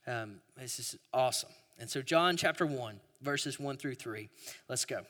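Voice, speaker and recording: A man, preaching a sermon in a relaxed storytelling way, with frequent restarts. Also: mid-range voice, unhurried. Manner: storytelling, conversational, with repeated restarts. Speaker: pastor. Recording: hall reverb.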